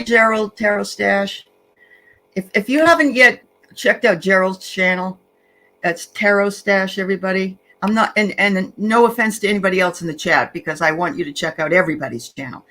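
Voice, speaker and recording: A woman co-hosts a casual livestream and greets viewers one by one. She talks in a chatty way with plenty of fillers. Her voice sounds bright and forward at an ordinary pitch. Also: rough recording. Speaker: livestream co-host.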